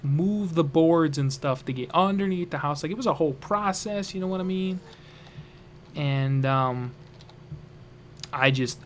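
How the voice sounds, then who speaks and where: A man's voice: on the high side, a bit bright, slight background noise. A young man casually telling a funny family story on a vlog, rambling and joking. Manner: rambling, lots of fillers and restarts, jokey.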